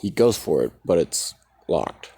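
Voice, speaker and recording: A man's voice: sits low, sing-song, unhurried, warm tone, breathy edge. A man casually retelling a fan story in a rambling, profane way, full of fillers.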